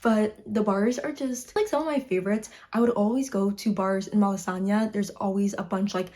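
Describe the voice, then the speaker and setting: Chatty young woman with a mellow voice. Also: mid-range voice, steady tone, moderate pace. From Chicago, United States. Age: 20s. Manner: chatty, bubbly, heavy use of "like". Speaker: vlogger. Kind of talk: casual talking-head vlog. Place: home room in winter.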